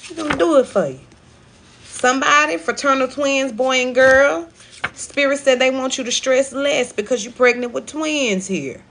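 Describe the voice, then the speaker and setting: A little hiss or hum accompanies this woman's high, slightly bright voice at a moderate pace. Hosting a live spiritual card reading, she preaches with emphasis, repeats her points, and uses African American Vernacular phrasing.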